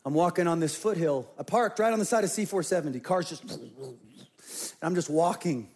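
A man's voice: on the high side, normal speed. A middle-aged man, a pastor, telling an earnest personal story in a sermon and acting out his own past words.

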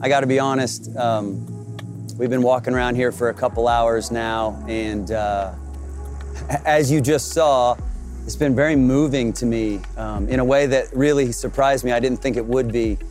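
A man's voice: mid-range voice, steady tone, normal speed, darkish tone, faint music behind. A middle-aged man, a senior pastor, giving an earnest and emotional personal testimony in a church sanctuary, repeating phrases as he tells it.

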